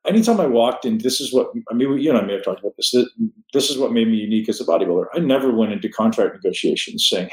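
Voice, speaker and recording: A man's voice: mid-range voice, animated, fast talker. A man hosting a podcast, giving blunt, emphatic motivational advice. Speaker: podcast host. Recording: roomy echo.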